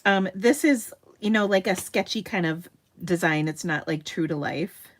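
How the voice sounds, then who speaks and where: Woman, middle-aged, casual painting demo, self-deprecating, frequent laughter, slightly low voice. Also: moderate pace. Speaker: craft tutorial host.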